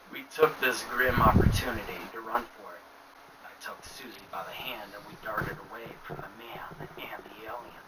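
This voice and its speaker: A man narrating a first-person horror story in a hushed, often whispering voice. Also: mid-range voice. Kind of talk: scripted narration. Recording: distant mic with clear noise.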